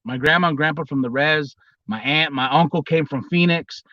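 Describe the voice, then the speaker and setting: Man in his thirties, livestream host, rambling storyteller, slightly high and bright, dull dry lo-fi sound. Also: moderate pace, no room sound. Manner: rambling, restarts, bursts into high squealing impressions. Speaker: livestream host, former wrestler.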